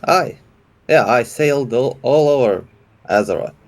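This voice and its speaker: A man's voice: mid-range voice, animated, a little slow. A man playing a boastful dwarf sailor captain in a tabletop game. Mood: brash. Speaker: player.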